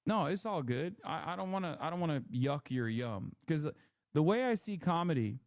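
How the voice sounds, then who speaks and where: A man's voice: on the high side, lively intonation, moderate pace, no echo, clean studio sound. A man streaming live, ranting in a blunt, opinionated and profane way. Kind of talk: casual live commentary rant.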